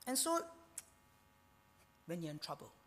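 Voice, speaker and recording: A preacher with a Singaporean English accent delivers a sermon in a bright, forceful voice. The preacher is emphatic and keeps posing rhetorical questions before answering them. A long reverb trails each phrase, as in a large hall. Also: mid-range voice, big pitch swings, measured pace, a little hiss or hum. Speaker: pastor.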